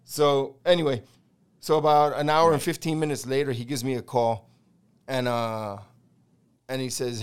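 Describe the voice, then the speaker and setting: Middle-aged American man, podcast host, lively storyteller who acts out every quote and swears freely. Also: mid-range voice, moderate pace, pauses often, clear, resonant tone. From United States. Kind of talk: casual storytelling chat.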